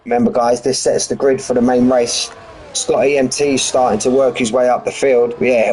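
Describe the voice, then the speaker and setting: A man's voice: medium pitch, little pitch movement, normal speed, darkish tone, slight background noise, rough recording. A man giving live race commentary in a chatty, rambling, jokey way. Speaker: sim racing commentator.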